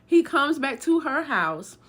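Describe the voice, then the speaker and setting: A woman casually telling a true story, animated and acting out the dialogue as she goes. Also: high voice, takes it slowly.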